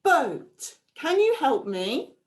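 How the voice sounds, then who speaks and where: A woman teaching a phonics lesson to a reception class, sounding out letters slowly and speaking with animated exclamations. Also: mid-range voice. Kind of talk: phonics lesson for young children.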